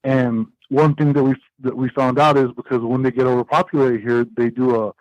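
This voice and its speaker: A man, a podcast guest, telling a story in a casual, animated way, full of fillers and restarts. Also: mid-range voice, a little fast, no room sound, lo-fi sound.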